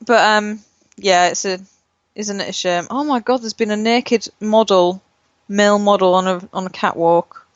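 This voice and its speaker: A woman's voice: medium pitch, moderate pace, clear, resonant tone, no room sound, lo-fi sound. A woman co-hosting a casual podcast, rambling with lots of fillers and swearing freely. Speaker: podcast co-host. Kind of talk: casual chat.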